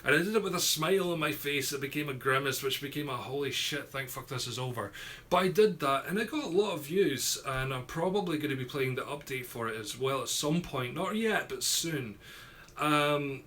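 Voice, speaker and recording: Running a live Q&A stream, a young YouTuber from Scotland, with an Ayrshire accent, reads out comments and rambles along easygoingly. He speaks fairly quickly in a fairly high, bright voice, with slight background noise.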